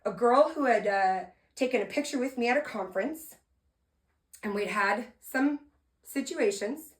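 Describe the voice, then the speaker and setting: Lively woman motivational speaker, slightly high. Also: unhurried. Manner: lively and playful, with sudden loud emphasis and soft, earnest asides; talks to listeners directly, asking them to respond. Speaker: podcast host and motivational speaker. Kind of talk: energetic motivational storytelling.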